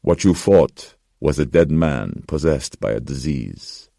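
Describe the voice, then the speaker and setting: A man voicing a somber old pawnbroker who speaks in a slow, grave, measured way. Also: a bass voice, expressive, gravelly, mellow, dry recording, clean studio sound, full character voice. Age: older.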